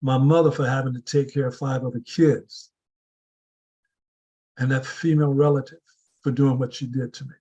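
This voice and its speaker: Husky-voiced man giving a motivational speech. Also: medium pitch, steady tone, moderate pace, long pauses, dark tone, muffled recording. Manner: earnest, builds with repeated rhetorical questions. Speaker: speaker at a public speaking club meeting.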